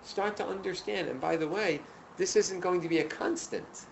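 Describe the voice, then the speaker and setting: A man teaching a class, telling stories in an animated, emphatic way and addressing the students directly. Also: sits high, normal speed, vocal fry, a little hiss or hum, poor audio. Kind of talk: lecture to a class. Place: room with students.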